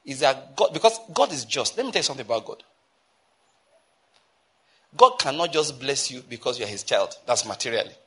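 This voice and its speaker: A Nigerian man preaching a sermon as pastor, emphatic, climbing into urgent exhortation and slowing down to stress key phrases. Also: mid-range voice, big pitch swings, a bit bright, husky.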